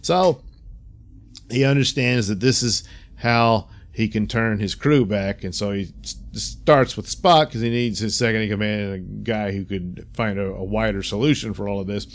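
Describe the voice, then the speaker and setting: A man casually recapping and reviewing a TV episode, chatty, with frequent laughs and fillers. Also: fairly low pitch. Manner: chatty, laughs often, many fillers, quick voice impressions. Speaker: reviewer, host.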